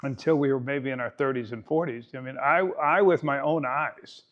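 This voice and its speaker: A man's voice: medium pitch, normal speed, fairly bright tone, dull audio. A man in his eighties giving a keynote talk as a golf coach, telling stories with folksy, self-mocking humor. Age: 80s.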